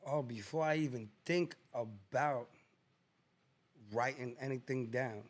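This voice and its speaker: A man's voice: medium pitch, a little slow. A man from New Jersey, a rapper guest in a casual interview, talking in a laid-back, slangy way and repeating phrases for emphasis.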